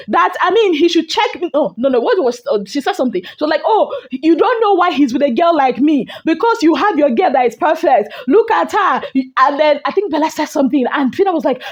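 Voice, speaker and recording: A woman with a Nigerian accent, a gossip vlogger giving a dramatic, animated recap of a reality show and acting out the quotes. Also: high voice, moderate pace, few pauses, lo-fi sound.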